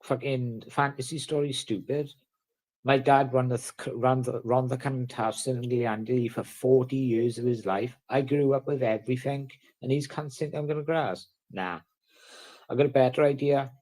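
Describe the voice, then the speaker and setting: A man's voice: medium pitch, steady tone, moderate pace, a little mellow. A man from the in a casual vlog, ranting bluntly and swearing heavily. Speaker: vlogger.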